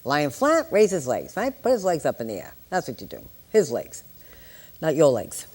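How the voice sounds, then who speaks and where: A woman's voice: deep voice, wildly swooping pitch, moderate pace, darkish tone. Joking older woman lecturing nurses. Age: 60s. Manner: joking, chatty asides to the class. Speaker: nurse educator. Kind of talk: live exam-prep lecture.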